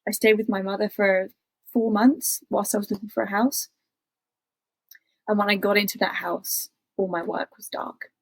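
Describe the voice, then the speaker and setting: A woman's voice: medium pitch, fairly even intonation, normal speed, husky, no room sound. A woman, an interview guest telling a personal story in an intense, confessional way with many fillers.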